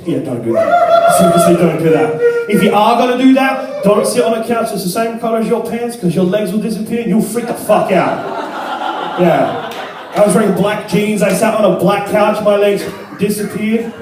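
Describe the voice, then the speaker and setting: A man's voice: sits high, expressive, brisk, noisy background. A young man performing a crude, self-deprecating stand-up comedy set in a club. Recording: echoey club from far off. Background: laughing crowd.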